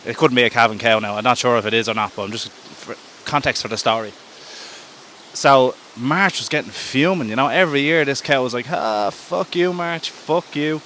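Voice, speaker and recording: Chatty Irish man, bright voice. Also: mid-range voice, brisk, a little hiss or hum. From Ireland. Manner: chatty, rambling, self-correcting. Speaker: podcast host. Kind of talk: casual storytelling on a woodland walk. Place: outdoor woodland walk. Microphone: self-held camera while walking.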